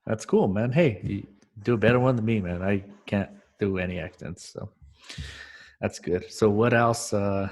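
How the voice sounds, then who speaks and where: Husky low-voiced man, teasing co-host. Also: normal speed, darkish tone. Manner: teasing, playful questioning. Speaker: podcast co-host. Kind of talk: casual chat.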